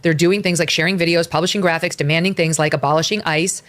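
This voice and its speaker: A woman's voice: low voice, fairly even intonation, fast talker, fairly bright tone. A woman on a political panel, talking heatedly and swearing when she gets angry.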